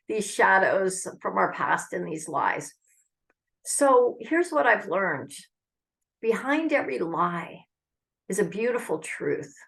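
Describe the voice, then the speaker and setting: A woman's voice: medium pitch, vocal fry, a bit bright. A woman giving an earnest, heartfelt devotional message with prayer, speaking conversationally to her viewers. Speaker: Christian speaker.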